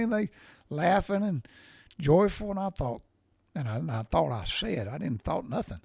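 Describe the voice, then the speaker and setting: A man's voice: a little high, expressive, moderate pace, gravelly, a little mellow, dry recording, studio quality. A middle-aged man, casually telling a rambling, profane story while sore from recent surgery. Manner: folksy, profane, rambling with restarts. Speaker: podcast storyteller.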